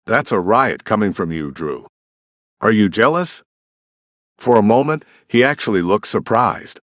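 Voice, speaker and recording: A man reads a first-person romance audiobook, telling it like a conversation. His voice sits low but moves through wide, lively swings in pitch. The sound is close and dry, with no room around it. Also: unhurried, no echo. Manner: expressive, conversational storytelling. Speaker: audiobook narrator.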